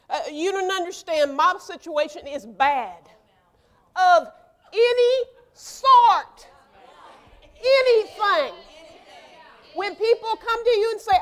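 A middle-aged woman pastor preaching a lively sermon, acting out quoted dialogue and rising into shouts. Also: very high-pitched, takes it slowly, pauses often.

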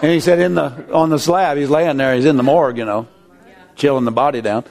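Fervent preaching man, voice pitched fairly high. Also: steady tone, vocal fry, crowd noise. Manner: fervent preaching, drawn-out prayer lines. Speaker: pastor. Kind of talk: sermon with storytelling and prayer.

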